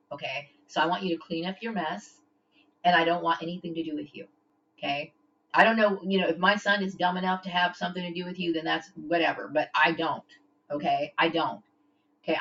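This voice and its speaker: A woman's voice: fairly low pitch, a bit bright. A woman ranting straight to camera, confrontational, repeating "okay?" and stammering as she restarts her sentences. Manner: stammers and restarts when upset. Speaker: vlogger. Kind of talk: direct-to-camera rant. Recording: dull lo-fi home recording.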